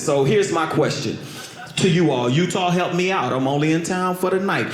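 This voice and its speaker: Man doing stand-up, somewhat high voice, stories veer from loud yelps to low mutters; roomy club sound. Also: gravelly. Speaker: stand-up comedian. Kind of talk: stand-up comedy routine. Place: comedy club stage. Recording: roomy live stage sound with crowd. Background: laughing audience.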